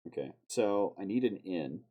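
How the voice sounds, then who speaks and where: Husky-voiced man muttering while editing. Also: deep voice, lively intonation, normal speed, dark tone. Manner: profane, muttering to himself, sudden outbursts. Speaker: live streamer. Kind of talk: casual self-talk while video editing on stream.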